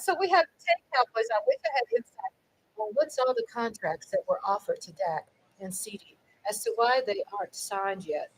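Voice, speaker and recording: A middle-aged woman hosting a casual livestream, talking in a lively, chatty way and swinging from loud cheering to low asides. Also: moderate pace, slightly rough, low-quality recording. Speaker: livestream host.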